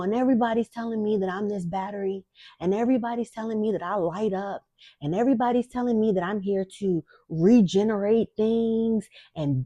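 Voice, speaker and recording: A young woman talks straight to her viewers in a casual spiritual chat. She is blunt and emphatic, swears freely, and calls her audience y'all. Her voice sits at a middle pitch and sounds dry and close, with no room around it. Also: darkish tone, no echo, muffled recording. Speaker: spiritual guide and host. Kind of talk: casual direct-to-camera talk.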